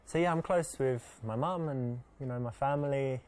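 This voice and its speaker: A chatty dating coach, played by a man in a live-action game, who stumbles through small talk with plenty of ums. His voice sits at an ordinary medium pitch. Between scenes he shifts into flat, instructive advice. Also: lightly acted. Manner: halting, filler-heavy small talk, then flat instructive asides. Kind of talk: scripted game dialogue and advice.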